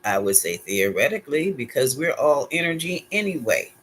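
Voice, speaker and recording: A man's voice: mid-range voice, big pitch swings, normal speed, fairly bright tone, slight background noise. A man giving a casual solo tarot reading, musing aloud and putting questions to his pendulum. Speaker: tarot reader.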